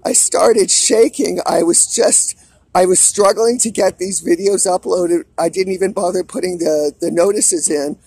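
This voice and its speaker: A man's voice: sits high, fairly even intonation, normal speed, mellow, breathy edge, dry recording. A man talking in an agitated, rambling video monologue, shaky and distressed, often restarting his sentences. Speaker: vlogger.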